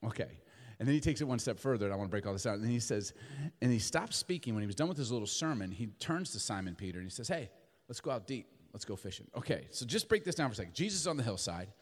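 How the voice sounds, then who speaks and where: A man preaching a sermon in a church, animated, acting out the voices of the people in his story. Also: fairly low pitch, racing, big-room sound. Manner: animated, acts out voices of Peter and Jesus. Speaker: pastor.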